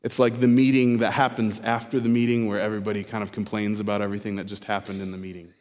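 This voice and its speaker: A man's voice: lowish voice, flat delivery, a little mellow. Man preaching in a reverberant hall. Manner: expository preaching, repeats key phrases slowly for emphasis. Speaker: pastor. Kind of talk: sermon.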